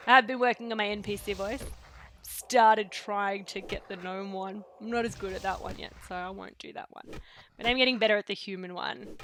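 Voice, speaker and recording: A chatty woman talks through her game on a live stream, wandering from thought to thought with plenty of ums. Her pitch sits in an ordinary middle range, and she slips into quiet near-whispered asides now and then. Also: steady tone, moderate pace, a little hiss or hum. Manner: rambling, chatty, full of fillers and pop-culture quotes. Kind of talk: casual live-stream chat while gaming.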